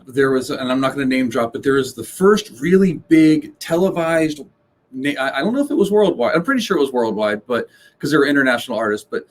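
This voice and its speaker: A man speaking as a guest on a casual podcast, blunt and rambling, restarting sentences and swearing. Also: mid-range voice. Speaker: guest, live sound engineer. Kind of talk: casual interview chat.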